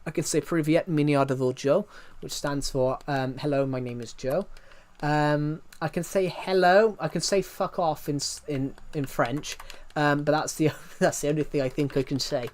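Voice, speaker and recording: A man's voice: a little high, moderate pace. A young man chatting casually on a live game stream. He tells stories in a rambling way and pokes fun at himself. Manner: rambling, self-mocking storytelling.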